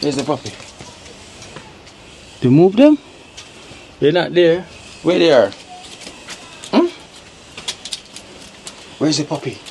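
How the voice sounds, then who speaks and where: A woman's voice: low-pitched, big pitch swings, slow, pauses often, warm tone, slight background noise. A Jamaican woman vlogging, chatting casually and teasing, repeating herself as she talks to the dogs. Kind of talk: casual chat.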